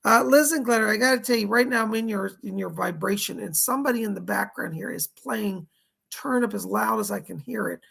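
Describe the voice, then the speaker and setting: A hoarse man runs a live psychic reading stream. His voice is deeply gravelly and rough, almost all rasp. He chats as he passes on spirit messages and thanks viewers by name. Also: brisk, fairly bright tone. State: dry throat, hoarse.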